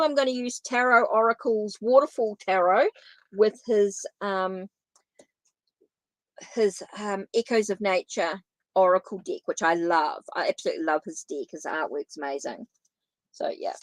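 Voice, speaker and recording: A woman's voice: mid-range voice, fairly even intonation, moderate pace, no room sound, poor audio. A woman from New Zealand with a Kiwi accent, giving tarot readings on a live stream in a chatty way that repeats itself and answers viewers. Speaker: tarot reader.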